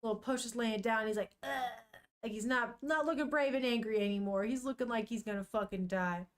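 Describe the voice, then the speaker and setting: A young woman streamer with a high, fast voice reads a comic aloud in casual live-stream commentary, chatting emotionally and swearing now and then.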